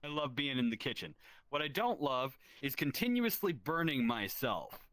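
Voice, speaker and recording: A man telling a self-deprecating stand-up story in a deadpan, profane way. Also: medium pitch, normal speed, dry recording. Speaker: stand-up comedian.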